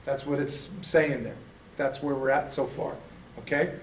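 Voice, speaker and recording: A man's voice: mid-range voice, fairly even intonation, measured pace, slight background noise. A man teaching a beginner's class in a casual, folksy way, often correcting himself as he explains. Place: church classroom. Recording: echoey room, mic at a distance.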